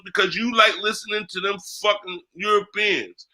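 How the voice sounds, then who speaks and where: Brisk and pushed, his voice sits high and bright. He is a spiritual priest from the United States, a guest giving a candid interview in blunt talk heavy with profanity and street slang.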